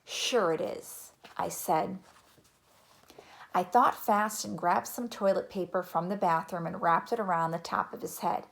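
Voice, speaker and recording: A woman narrating a children's chapter book in a gentle, even reading voice. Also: lowish voice, unhurried, vocal fry. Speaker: audiobook narrator. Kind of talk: storybook narration.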